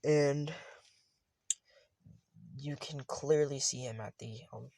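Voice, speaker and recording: A man's voice: medium pitch, steady tone, slow pace, gravelly, warm tone, no room sound. A man casually retelling a fan story, rambling and often correcting himself.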